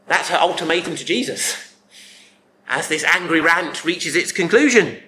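A man's voice: fairly high pitch, animated, normal speed, sharp tone. A man preaching a sermon in a conversational way, often turning statements into tag questions for his listeners.

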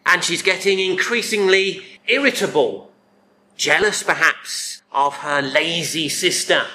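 A male preacher talks through a passage slowly and deliberately in a bright, fairly high voice. He keeps checking in with the congregation through tag questions, which gives the sermon a chatty feel. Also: a little hiss or hum.

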